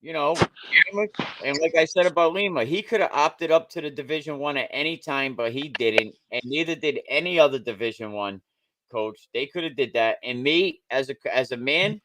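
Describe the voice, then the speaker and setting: A man's voice: a little high, normal speed, a bit bright. A man hosting a casual sports talk over a call, speaking bluntly and repeating himself as he argues. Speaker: show host.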